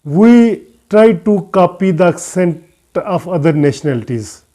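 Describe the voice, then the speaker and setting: A man who is not a native English speaker gives an earnest English lesson, talking slowly with many pauses and fillers. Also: sits high, animated, warm tone. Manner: earnest, advising. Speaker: English teacher.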